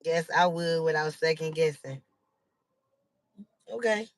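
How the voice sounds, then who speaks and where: A woman's voice: sits low, slow. A woman hosting a casual live chat with viewers, rambling and laughing with many fillers. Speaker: livestream host.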